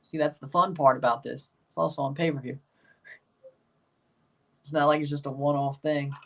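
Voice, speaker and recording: A man hosting a casual livestream, rambling, chatting with viewers and turning loud and emphatic when he passes judgment. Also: fairly high pitch, fairly even intonation, moderate pace, vocal fry, far from the mic. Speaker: livestream host ranking soccer kits.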